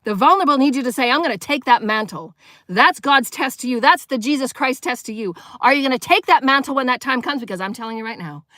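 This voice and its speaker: A woman's voice: high voice, animated, fast talker, few pauses, sharp tone, no echo, studio quality. A woman giving a live spiritual sermon, preaching emphatically and firing rhetorical questions at her listeners. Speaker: spiritual teacher.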